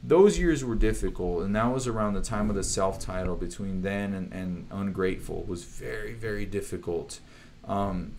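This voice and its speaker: A man's voice: deep voice, darkish tone, slight background noise. A young man hosting a casual livestream chat, laid-back, swearing often, with lots of fillers. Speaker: host, band drummer.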